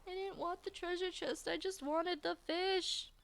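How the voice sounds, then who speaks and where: A woman's voice: very high-pitched, fairly even intonation, measured pace, creaky, a bit bright, slight background noise. A woman streaming a video game, chatting casually and playfully repeating herself as she plays. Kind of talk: casual gameplay commentary.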